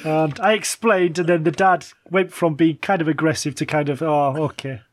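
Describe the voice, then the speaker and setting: A man's voice: a little high, moderate pace. Hesitant man telling stories. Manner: hesitant, many fillers, laughs while telling stories. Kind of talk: casual chat, telling anecdotes.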